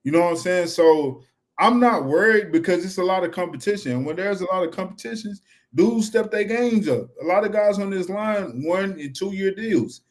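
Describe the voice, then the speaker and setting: A man's voice: high voice, fairly quick. A young man, chatting casually and animatedly as a fan-show co-host. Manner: animated, repeats "you know what I'm saying".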